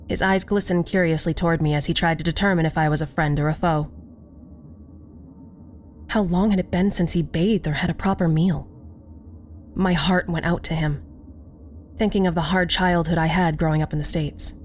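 A woman narrating a first-person horror story in a slow, measured storytelling voice. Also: fairly low pitch, a little mellow.

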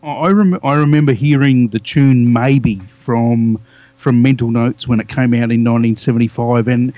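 Aussie co-host reminiscing, warm mellow voice, dry sound. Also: male voice, mid-range voice, steady tone, no echo, muffled recording. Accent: Australian. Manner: reminiscing, halting restarts. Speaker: podcast co-presenter. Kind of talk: casual music podcast chat.

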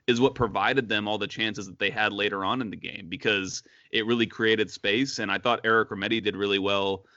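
Guy co-hosting a sports podcast, rambly with lots of ums, bright tense voice, dull lo-fi sound. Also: fairly low pitch, steady tone, a little fast, no echo. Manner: chatty, many fillers and restarts. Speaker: podcast co-host. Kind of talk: casual sports chat.

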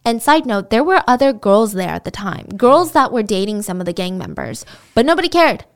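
A woman's voice: mid-range voice, very animated, brisk. Woman host telling a true crime story, casual and chatty, gets indignant on the side. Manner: conversational, indignant asides. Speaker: podcast host.

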